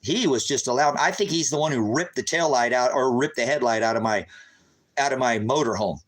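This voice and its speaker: Man, preacher-style monologue, agitated, addresses brothers and sisters, mid-pitched voice, gets loud and high. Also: brisk, poor audio. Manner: grows loud and high when recounting the raid. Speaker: street preacher vlogger. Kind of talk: impassioned monologue.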